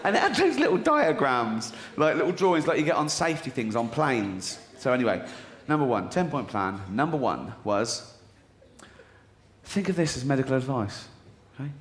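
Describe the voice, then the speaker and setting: A man's voice: mid-range voice, very animated, moderate pace, a bit bright. A middle-aged man doing a stand-up routine on a theatre stage, mocking and swearing in disbelief. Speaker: stand-up comedian. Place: stage in a theatre with audience laughter. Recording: echoey live theatre with audience noise.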